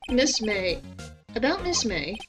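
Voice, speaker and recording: A woman streamer with a fairly high, sing-song voice plays a game slowly, reading its dialogue aloud and mumbling casual asides between lines. The recording is rough, with music playing behind her.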